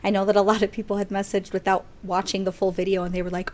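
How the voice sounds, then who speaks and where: Woman, 30s, podcast co-host, casual chat, lively storytelling, swears, bursts out loud. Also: medium pitch, fast talker, few pauses.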